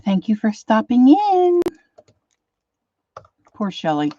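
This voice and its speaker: A woman's voice: on the high side, wildly swooping pitch, takes it slowly, warm tone, highs cut off. An older woman hosting an art livestream, chatting casually, greeting viewers by name and getting a little emotional. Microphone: computer mic, set far from her face.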